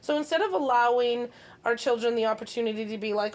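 A woman parenting coach chatting casually, lively and acting out the voices of parents and babies. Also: fairly high pitch, fast talker. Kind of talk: casual podcast chat.

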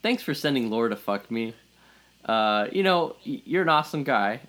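A man's voice: mid-range voice, lively intonation, normal speed, a bit bright, a little hiss or hum, natural voice. A man doing a dopey lovestruck car dealer. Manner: dopey, eager. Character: dim, horny male car dealer praying.

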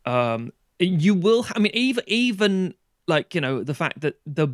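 A sardonic English man rants through a casual film podcast, swearing freely. His voice sits a touch high for a man. The recording is close and dry, with no room echo. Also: big pitch swings, unhurried. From England. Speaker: podcast co-host. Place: Norwich.

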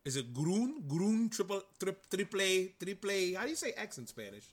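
A man's voice: high voice, big pitch swings, fairly quick, breathy edge. A man co-hosting a podcast, chatting in a rambling, enthusiastic way. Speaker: podcast co-host. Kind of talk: casual chat.

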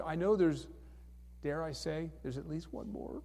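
Guy pastor doing an altar call, slightly high voice, kinda echoey church hall, keeps asking anyone else. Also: unhurried, creaky, mellow. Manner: coaxing, repetitive, calls for hands again and again. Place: church sanctuary.

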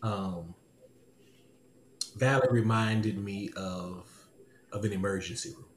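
The voice is a man's, on the low side and darkish, with a little hiss or hum. He's a podcast host animatedly telling a personal story, laughing often and repeating lines, during a casual testimony chat recorded in an echoey room with faint ambience.

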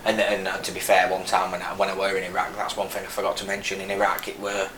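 With a low voice, a completely flat delivery and a quick pace, a Lancashire-accented man in his thirties from Burnley, northern England, appears as an army veteran guest in a casual interview. He tells his story frankly, rambling and starting over many times. The room is echoey, with faint noise.

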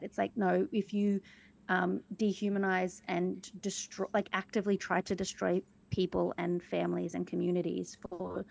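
A woman's voice: mid-range voice, little pitch movement, moderate pace, vocal fry, a little mellow. A young adult woman co-hosting a casual podcast chat, thoughtful and full of "um"s. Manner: thoughtful, many "um"s. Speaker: podcast co-host.

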